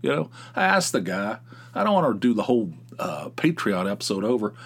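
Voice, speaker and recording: A middle-aged man hosting a casual podcast, ranting in an animated way with his voice jumping up when he gets worked up. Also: on the low side, brisk. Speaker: podcast host. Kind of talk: casual solo podcast monologue, responding to callers.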